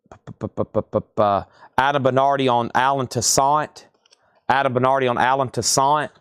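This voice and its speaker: A man's voice: mid-range voice, smooth, no echo, studio quality. A man hosting a live online record sale, casually running through record grades and prices. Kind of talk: live online sales stream.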